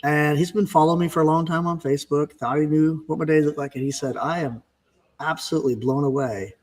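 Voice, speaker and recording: A man talking casually on a podcast, telling fast, animated stories about his busy workday. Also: a little high. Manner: fast, animated storytelling with exclamations. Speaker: podcast guest, fence business owner.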